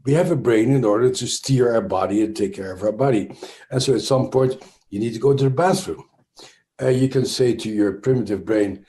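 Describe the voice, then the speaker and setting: Mellow-voiced Dutch-accented man explaining. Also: mid-range voice, a little fast. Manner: thoughtful, with frequent restarts and fillers. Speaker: trauma expert guest. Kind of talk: explanatory interview talk.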